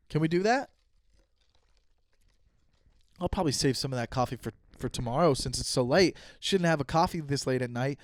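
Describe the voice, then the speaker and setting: A man's voice: on the high side, lively intonation, a little fast, no room sound, clean studio sound. A young man hosting a solo podcast, rambling and joking casually with lots of swearing. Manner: rambling, profane, joking asides. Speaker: podcast host.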